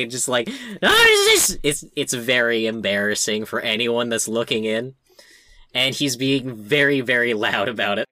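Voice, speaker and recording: Low-voiced woman chatting over a tabletop game. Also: no room sound. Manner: animated, chatty, hesitant fillers. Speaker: player. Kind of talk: casual tabletop play with in-character bits.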